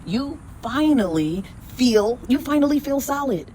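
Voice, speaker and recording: A woman hosting a spiritual podcast, reading tarot cards and giving a blunt, emphatic pep talk full of swearing, then repeating affirmations slowly. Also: high voice, animated, warm tone, a little hiss or hum.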